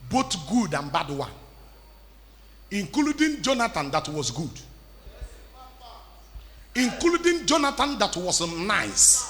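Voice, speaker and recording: A man preaching a sermon, emphatic, repeating lines and building to shouts, in an echoey church hall with faint music. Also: sits high, wildly swooping pitch, slow pace, pauses often. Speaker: pastor.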